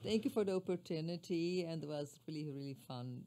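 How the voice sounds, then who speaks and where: A woman's voice: low-pitched, brisk, a crowd in the background. A woman guest on a radio talk show, describing her work with hesitant, word-searching speech. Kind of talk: casual interview chat.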